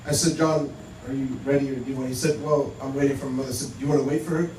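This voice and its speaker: This Muslim speaker has a mid-range, darkish voice and a steady tone, delivering his conversational community talk at a rapid-fire pace. He tells stories and acts out dialogue as quoted exchanges. A far-off mic in a roomy hall picks up a faint hum.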